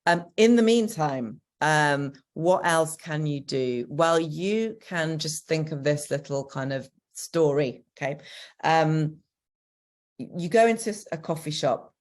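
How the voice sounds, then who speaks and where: A woman's voice: low voice, expressive, takes it slowly. A woman with a Northern English accent, a co-parenting coach giving practical, encouraging advice in a Q&A, with frequent ums. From Northern England. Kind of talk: answering a question in a Q&A.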